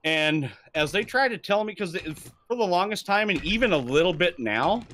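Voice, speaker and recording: A man's voice: high voice, normal speed, a little hiss or hum. A young man chatting casually on a live stream, swearing freely and telling stories with lots of laughing. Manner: swears freely, animated storytelling, laughs often.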